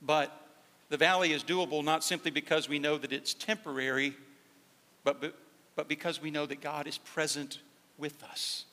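A male pastor preaches in a bright, forceful voice that sits a little high for a man. He drops to hushed, slow emphasis, then climbs to loud, fervent peaks. His words ring out with the long reverb of a church sanctuary. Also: fairly even intonation. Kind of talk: sermon.

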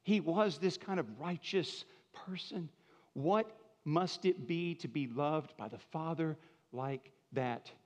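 A man preaching a sermon as pastor, conversational and emphatic, moving between soft, quiet phrases and louder, raised ones. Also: a little high, slow pace, big-room sound, muffled recording.

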